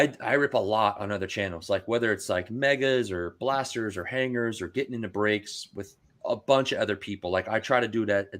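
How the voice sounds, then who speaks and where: A man on a podcast telling casual, animated stories about card breaking, full of "dude" and "like.". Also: on the low side. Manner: animated, acts out quoted voices, says dude and like a lot. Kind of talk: casual storytelling chat.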